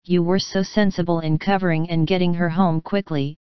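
A woman voicing a gentle, wise middle-aged mother who speaks calmly and tenderly in a storybook reading. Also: lowish voice, brisk, clear, resonant tone, no echo, highs cut off, natural voice. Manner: calm, tender, reassuring.

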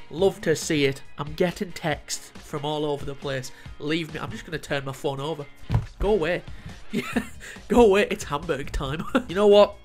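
Excitable sweary young man gaming. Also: sits high. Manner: excitable, swears a lot, jokey. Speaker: gaming YouTuber. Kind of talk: let's play commentary.

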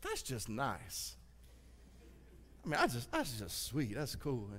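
A man with a Southern US accent preaching a sermon as pastor, swinging from loud exclamations to hushed asides. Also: medium pitch, huge pitch swings, slow pace. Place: church sanctuary. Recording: reverberant church sanctuary.

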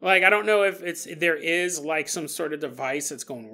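A man's voice: a little high, moderate pace, pushed and bright. A man hosting a podcast on his own, talking casually, joking and laughing often, and acting out quoted voices. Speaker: podcast host. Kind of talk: casual solo podcast monologue.

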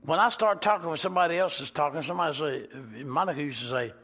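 Folksy Georgia-accented preacher. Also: male voice, a little high, quick pace. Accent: Southern US, Georgia. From Georgia, USA. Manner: animated, folksy, swings between loud and soft. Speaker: pastor. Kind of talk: sermon with folksy storytelling.

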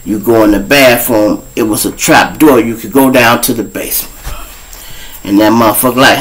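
A man's voice: medium pitch, moderate pace, a bit bright, slight background noise, low-quality recording. A man hosting his show, telling a story in a casual, profane way and speaking straight to his audience. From Chicago. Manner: profane, keeps addressing the audience as y'all. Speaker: show host.

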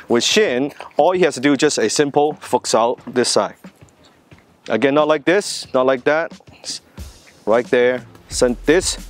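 A man teaching a martial arts drill as he demonstrates it. He explains it step by step and keeps checking in with the viewer. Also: mid-range voice. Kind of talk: hands-on demonstration lesson.

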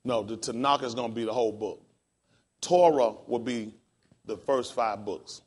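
A pastor teaching a class in a casual, encouraging way, spelling words out letter by letter. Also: male voice, medium pitch, moderate pace, darkish tone, breathy edge.

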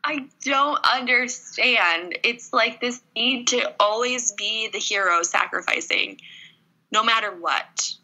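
A woman's voice: fairly high pitch, takes it slowly, sharp tone, poor audio. A woman co-hosting a casual book review podcast, critical and sarcastic, acting out the characters.

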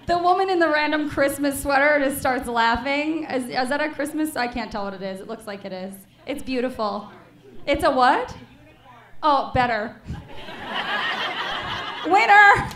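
A woman's voice: sits high, moderate pace. A woman from Chicago performing a stand-up comedy set in a comedy club, teasing the audience. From Chicago, USA. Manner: crowd work, teasing the audience. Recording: roomy club recording.

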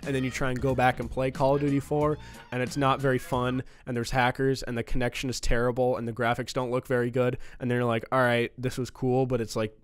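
A man's voice: mid-range voice, level tone, fast talker, faint music behind. A young man doing a comedic movie review vlog, mock-enthusiastic and sarcastic, swearing freely. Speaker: YouTuber. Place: room at home.

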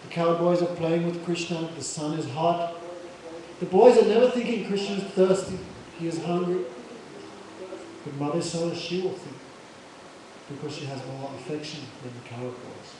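A man's voice: a little high, moderate pace. Male preacher in a hugely echoing hall. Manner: animated, acts out characters' voices. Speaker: spiritual teacher. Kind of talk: devotional lecture with acted storytelling. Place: lecture hall. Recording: echoey hall, far mic, crowd.

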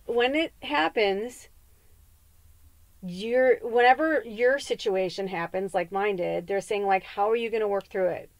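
A middle-aged psychic medium from the American Midwest speaks in a mid-range, darkish voice on a dry recording. In her casual spiritual podcast monologue, she rambles candidly and swears freely.

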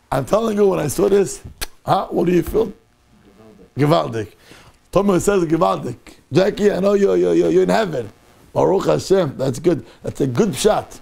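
A man's voice: sits high, moderate pace, vocal fry. A man, a rabbi teaching a Torah class to a congregation, talking animatedly and often turning to the audience with questions. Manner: animated, mixes Hebrew and Yiddish terms into English, asks the audience questions. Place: synagogue.

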